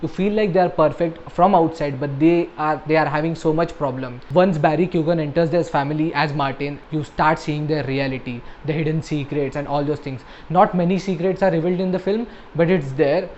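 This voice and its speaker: A young man giving a casual, jokey film review, with flat deadpan asides. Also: fairly high pitch, a little fast, few pauses, a little hiss or hum. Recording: slightly dull home recording with faint ambience.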